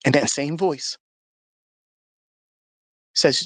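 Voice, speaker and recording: A man's voice: mid-range voice, steady tone, a little fast, gravelly, fairly bright tone, no room sound. A man telling an emotional personal story of faith, earnest and emphatic, acting out the dialogue as he goes. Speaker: speaker sharing a personal testimony. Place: at home. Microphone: phone for a live audio chat.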